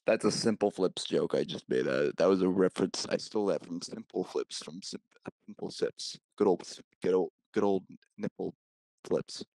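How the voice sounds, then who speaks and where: A man's voice: deep voice, normal speed, creaky, a little mellow, no room sound, low-quality recording. A man rambling in silly casual voice messages, with many restarts. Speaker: voice-message sender.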